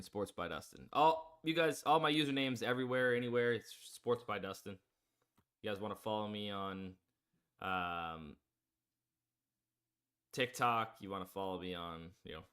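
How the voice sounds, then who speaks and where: Reading odds and plugging promo codes, this sports betting livestream host rambles casually and fills his speech with fillers. He's a man with a fairly low, fairly bright voice.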